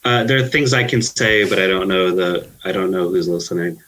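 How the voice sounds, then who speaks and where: A man in his thirties, co-hosting a casual podcast chat and teasing in a mock-serious, deadpan way. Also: deep voice, fairly quick, a little hiss or hum, poor audio. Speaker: podcast co-host.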